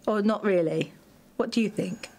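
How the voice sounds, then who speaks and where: With a medium-pitched, slightly mellow voice at normal speed, a woman acting as a parenting expert coaches parents and their children. She questions them directly and probingly, frequently repeating phrases to drive points home.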